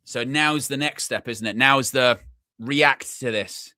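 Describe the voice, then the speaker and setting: A young man hosting a live football watchalong, chatty and excitable, shouting when his team scores. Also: medium pitch, slow pace, no room sound, studio quality. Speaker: fan watchalong host.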